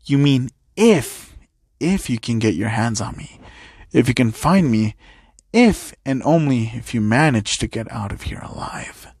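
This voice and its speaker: A man's voice: medium pitch, expressive, measured pace, vocal fry, darkish tone, husky, dry recording, exaggerated voice. A man voicing a sneering masked male villain who mocks his enemy and speaks of revenge, in a dry recording. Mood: taunting. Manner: taunting, mocking.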